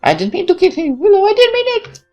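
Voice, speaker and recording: A man's voice: very high voice, huge pitch swings, fast, a little mellow, pitched above the performer's own voice, full character voice. A man doing a sobbing, childlike young girl. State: crying.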